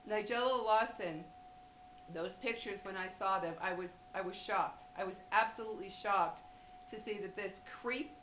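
A woman's voice: medium pitch, moderate pace, a bit bright, a little hiss or hum. Blunt woman with an echoey room sound. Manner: blunt, emphatic, addresses women viewers directly. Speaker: vlogger. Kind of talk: direct-to-camera advice talk.

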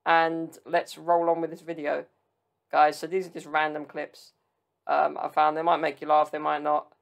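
A man's voice: fairly high pitch, completely flat delivery, moderate pace, creaky. A man casually commenting on funny clips in an amused, chatty way. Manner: laid-back, amused, chatty asides. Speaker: video reaction host.

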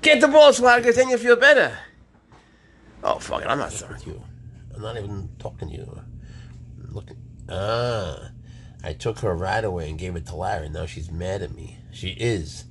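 A man's voice: low voice, normal speed, a little hiss or hum. A man who keeps exotic pets, chatting casually to his animals and coaxing them, with muttered swearing asides. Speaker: exotic pet keeper.

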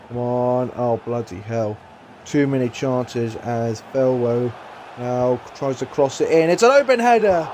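A fairly high-pitched man with a mellow, soft-edged tone calls his own video game football match like a commentator. He mutters to himself and swears casually, then bursts into excited shouts at big moments. Faint background noise sits under his voice. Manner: casual swearing, self-talk. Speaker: gaming YouTuber. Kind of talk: let's-play match commentary.

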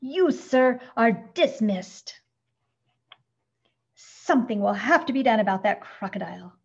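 A woman's voice: a little high, animated, a little slow, vocal fry, breathy edge, heavily acted. A woman voicing a pompous, indignant male store manager who snaps out his orders in a storybook read-aloud. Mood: furious. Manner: stiff, snapping, indignant. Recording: dull lo-fi recording.

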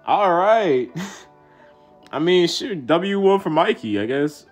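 A man's voice: on the high side, sing-song, takes it slowly, long pauses, faint music behind. A man hosting a webtoon reaction video, reading panels aloud and reacting in a slangy, exclaiming way with frequent laughs.

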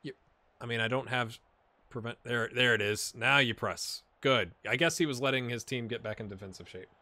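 A man casually commentating his own football video game, excitable and wry, jumping from loud cheering to quiet muttering. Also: medium pitch, normal speed, dry recording. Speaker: gaming channel host.

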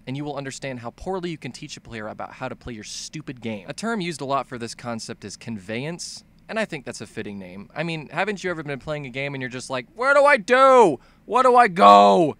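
A man doing a comedic video game critique voice-over, ranting excitably and full of swearing, his voice jumping up high when he gets worked up. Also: quick pace, hardly any pauses. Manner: jumps to a high, yelping pitch when excited. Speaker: fan dub voice-over narrator.

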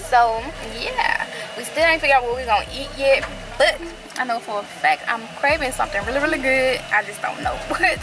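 A woman's voice: high-pitched, a little fast, over music. A pregnant young woman co-hosting a casual couple's vlog, playful and slangy, a little out of breath. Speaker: vlog co-host. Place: in a truck.

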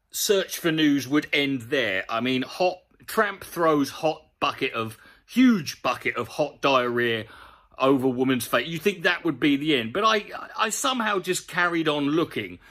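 A man delivers a profane, sarcastic comedy rant. His voice sits high and swings widely up and down. He keeps an animated, mocking edge throughout. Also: measured pace. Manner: sweary, sarcastic, animated ranting. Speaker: comedy commentator. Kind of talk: ranting comedic commentary on a news story.

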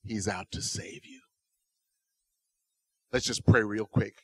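A man telling a children's story at a church service in an animated, expressive way, then closing with a prayer. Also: on the low side, slow pace, husky. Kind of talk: children's sermon.

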